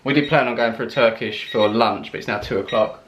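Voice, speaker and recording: A man's voice: mid-range voice, brisk, a bit bright, muffled recording, a little hiss or hum. A young man, chatting casually and upbeat to camera in a family vlog on a handheld camera. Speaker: family vlogger.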